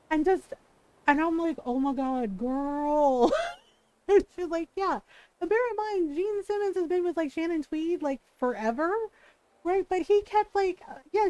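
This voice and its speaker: A woman streaming from home, telling an animated story to her chat, often quoting people and laughing. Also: high-pitched, no room sound, poor audio. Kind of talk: casual livestream chat.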